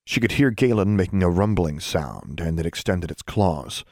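A man narrating a story in a steady, even storytelling manner. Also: deep voice, moderate pace, no room sound, studio quality. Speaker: audiobook narrator. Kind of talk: scripted narration.

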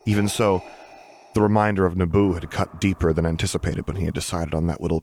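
A man narrating a story in a steady, unhurried reading. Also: low-pitched, slight background noise. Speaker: audiobook reader. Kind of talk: scripted narration.

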